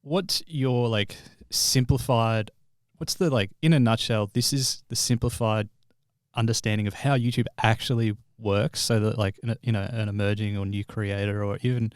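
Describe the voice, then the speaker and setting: A man's voice: on the low side, steady tone, normal speed, clear, resonant tone, dry recording, clean studio sound. A man hosting an interview podcast, asking long, wordy questions. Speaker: podcast host.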